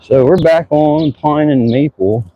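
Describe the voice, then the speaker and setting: A man's voice: fairly high pitch, a little slow, lo-fi sound, a little hiss or hum. A man vlogging outdoors as he rides a bike through town, chatting casually and musing aloud to a bike-mounted camera. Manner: easygoing, chatty, muses aloud. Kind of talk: casual narration while riding.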